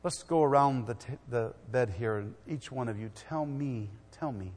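In a big hall with long reverb, a middle-aged man with an ordinary-pitched voice delivers a sermon at normal speed. He rises to loud exhortation, then drops into hushed storytelling.

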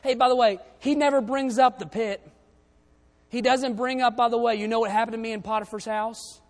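Male preacher, fairly high voice, church sermon mixing scripture reading with plain talk, long hall echo. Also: steady tone, a little fast. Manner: reads King James verses aloud, then explains them conversationally.

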